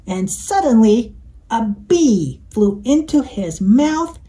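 Woman storyteller for kids, slow, mellow, playful, sing-song. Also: fairly high pitch, animated, rough recording. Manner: gentle and playful, inviting the listener. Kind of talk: reading a picture book to children.

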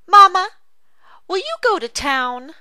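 A woman voicing an excited little child in a read-aloud dialogue, with squealing delight. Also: extremely high pitch, takes it slowly, no echo, studio quality, pitched above the performer's own voice, heavily acted.

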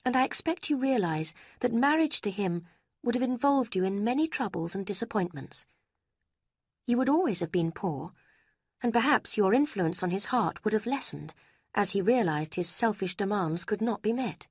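A woman voicing a composed, sensible young woman speaking in a calm, reasoned way. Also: medium pitch, normal speed, husky, no room sound, studio quality.

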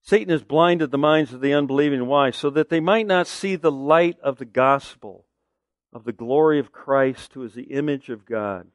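A man's voice: medium pitch, moderate pace, no room sound, clean studio sound. A man preaching a sermon as pastor, emphatic, asking the listeners questions and answering them.

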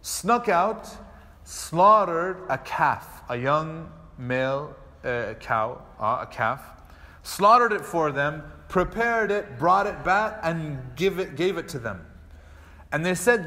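A man's voice: on the high side, slow pace, long reverb tail. A man, an imam, teaching a lecture class, acting out little dialogues as he tells stories. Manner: animated storytelling with acted-out dialogue. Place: mosque hall.

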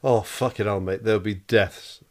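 A man's voice: on the low side, fairly even intonation, moderate pace, a little mellow. A middle-aged man co-hosting a podcast, blunt and sweary, telling stories with laughing asides. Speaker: podcast co-host. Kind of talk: casual chat.

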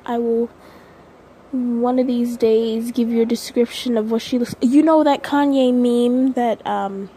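A woman's voice: on the high side, dark tone, slight background noise, low-quality recording. A woman vlogging casually at home to her viewers, nervous and rambling, close to tears. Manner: nervous and rambling, with many restarts and sighs.

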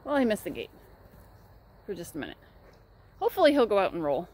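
A woman who runs a horse rescue farm, filming a casual vlog outdoors on a handheld camera and chatting while she coaxes her horses in a high sing-song voice. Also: very animated, fast talker, darkish tone.

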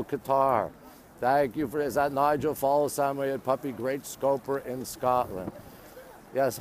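A man with a mid-range, darkish voice streams live from his phone as he walks around a city landmark outdoors, with slight background noise. Chatty throughout, he keeps greeting viewers, responds to their comments, and says "there you go" over and over.

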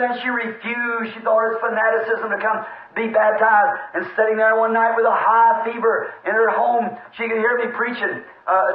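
High-voiced fervent preacher on old tape. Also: male voice. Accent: Southern American. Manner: fervent, excitable, shouting praise. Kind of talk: storytelling revival sermon. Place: church. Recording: lo-fi old tape, echoey church.

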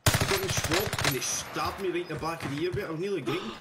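A man's voice: on the high side, fast talker, heavy background noise. A man chatting crudely with his squad during a shooter game, rambling and swearing. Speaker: squad teammate. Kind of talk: casual gaming chat. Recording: loud game gunfire behind.

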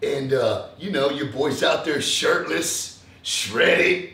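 A young man from Texas rants at his viewers with heavy profanity, jumping into mocking voices. His voice sits a little high and sounds roomy and a bit off the mic. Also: slow, gravelly, far from the mic, background noise. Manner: animated, profane, mimics others in mocking voices. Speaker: fitness vlogger. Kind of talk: casual ranting monologue.

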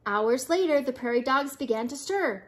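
An older woman, a grandmother, reading a children's picture book aloud with lively, expressive narration. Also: high voice, moderate pace. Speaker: storybook reader.

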